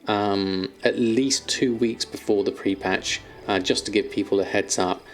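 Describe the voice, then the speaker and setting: A man's voice: on the low side, steady tone, measured pace. A man chatting on a live stream, reading viewer questions aloud and answering them with plenty of ums and fillers. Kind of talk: casual live-stream chat.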